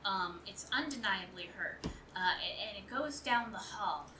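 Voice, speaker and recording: A woman's voice: medium pitch, expressive, a little slow. Woman game master, rambling narration, filler-heavy; roomy, noisy, distant recording.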